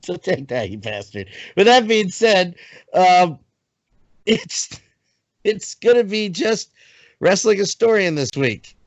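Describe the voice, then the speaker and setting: A young man hosting a casual wrestling podcast, excitable and quick to laugh. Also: high voice, no echo, dull audio. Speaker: podcast host. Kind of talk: casual chat.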